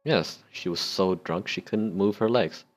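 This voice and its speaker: Low plain voice, a man reading as a young bartender recalling his sins, subdued. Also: unhurried, faint music behind.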